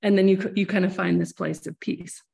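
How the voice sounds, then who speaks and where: A woman's voice: mid-range voice, fairly even intonation, moderate pace, gravelly, a little mellow. A woman hosting a podcast, explaining ideas earnestly at length, with many restarts. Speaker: podcast host. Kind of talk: casual interview chat.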